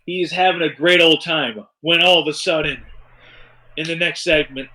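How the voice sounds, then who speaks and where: Hyped male gamer commentator, fairly high voice, profane and playful. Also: normal speed. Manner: excitable, profane trash talk. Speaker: gameplay commentator. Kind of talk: casual gameplay commentary.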